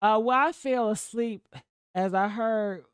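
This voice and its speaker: A woman hosting a livestream, chatting casually with her viewers in a profane, gossipy way with sudden loud outbursts. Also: a little high, slow, clean tone, no echo. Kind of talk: casual gossip commentary to a live chat.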